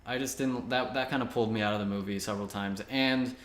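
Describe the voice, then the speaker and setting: A young man co-hosting a casual movie review chat, rambling and relaxed, laughing easily. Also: lowish voice, fast. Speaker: co-host. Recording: echoey room.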